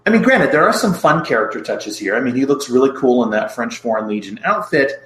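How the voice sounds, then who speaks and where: A man's voice: mid-range voice, sing-song, a little fast, fairly bright tone. Podcast co-host, male, chatty recap voice, roomy echo. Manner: chatty, recapping plot with asides. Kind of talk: casual film review chat.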